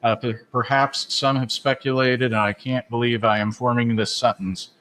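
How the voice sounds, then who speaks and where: A man in the middle of his range hosts a casual sports talk show. He rambles from one tangent to the next with a relaxed, conversational rhythm and frequent filler words. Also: medium pitch, normal speed. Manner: chatty, many "uh" fillers, laughs at his own asides. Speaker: podcast host.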